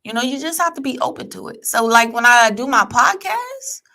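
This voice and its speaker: A middle-aged woman chatting as a podcast guest in a studio. Her voice is bright and gravelly, swinging widely in pitch. She tells stories in loose slang and laughs often. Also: sing-song, normal speed. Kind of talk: casual chat.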